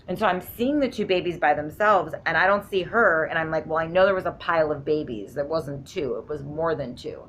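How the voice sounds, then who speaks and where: A woman's voice: on the low side, a little hiss or hum. A woman vlogging from home, telling a long story in a rambling, emphatic way and often interrupting herself. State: sleep-deprived. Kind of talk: casual storytelling vlog.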